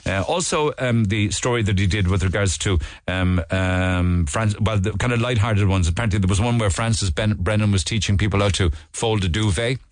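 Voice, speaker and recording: A man's voice: on the low side, fairly quick, few pauses, dry recording. A man with an Irish accent hosting a radio show, chatting his way through the morning papers with digressions, restarts and asides. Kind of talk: casual newspaper review chat.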